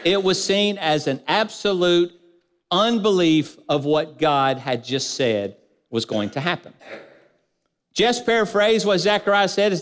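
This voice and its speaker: Male pastor, unhurried sermon delivery, lists and rhetorical questions, churchy reverb. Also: expressive. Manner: preaching with repeated lists and rhetorical questions, voice dropping low at phrase ends.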